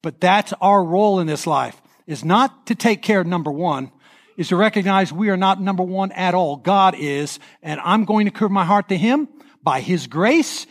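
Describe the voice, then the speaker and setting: A man preaching a sermon in church as pastor, animated, acting out quoted voices and leading the congregation in call-and-response. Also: high-pitched, moderate pace. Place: church sanctuary.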